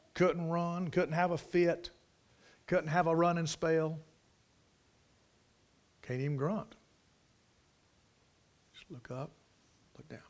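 Preacher swinging from hushed to loud. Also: male voice, on the high side. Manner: swings from quiet storytelling to loud emphatic preaching. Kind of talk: sermon.

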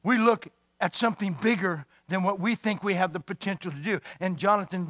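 A man's voice: high voice, fairly quick, few pauses, fairly bright tone, no echo, clean studio sound. A male pastor preaching a sermon in an emphatic, fiery way, full of rhetorical questions.

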